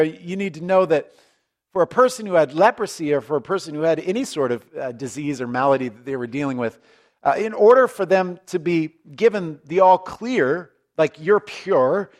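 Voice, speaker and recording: Chatty male pastor with a higher voice. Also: a little fast. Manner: conversational, self-deprecating, frequent restarts and asides. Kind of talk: sermon.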